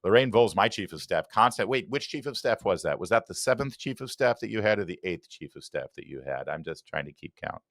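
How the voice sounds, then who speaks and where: A man's voice: on the low side, expressive, brisk, few pauses, a bit bright, no echo, clean studio sound. A man hosting a political commentary show, talking with sarcastic, mocking asides. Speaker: talk show host.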